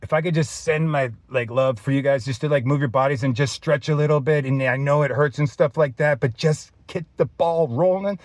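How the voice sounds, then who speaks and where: A man's voice: on the high side, brisk, few pauses, no echo, studio quality. A man in his thirties filming an off-the-cuff fitness vlog. He rambles and says "dude" a lot, and he is choked up. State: teary, choked up. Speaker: fitness vlogger.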